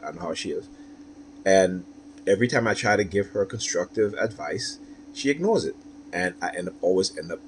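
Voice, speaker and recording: A man's voice: on the low side, slight background noise. A man talking through a personal story, rambling and often asking "right?" with many fillers. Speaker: commentator. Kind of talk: personal monologue.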